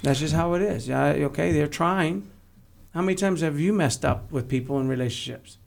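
Man guest, gravelly and a touch high, blunt and joking. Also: fairly quick. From San Antonio, Texas. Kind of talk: casual interview chat.

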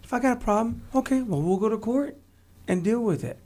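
A man's voice: high-pitched, animated, fairly quick, warm tone. A man from Texas, a guest telling blunt, joking stories in a casual interview. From San Antonio, Texas.

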